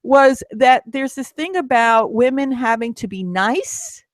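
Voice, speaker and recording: A woman's voice: sits high, very animated, a little slow, no echo. A middle-aged woman co-hosting a casual talk, chatty, with many restarts and fillers. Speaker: co-host, midlife coach. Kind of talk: casual chat.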